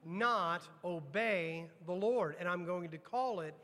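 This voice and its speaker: A pastor preaching a sermon to his congregation, emphatic, questioning the room and dropping low and slow on weighty lines. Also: pushed and bright, long reverb tail. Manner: addresses congregation directly with repeated questions. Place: church sanctuary.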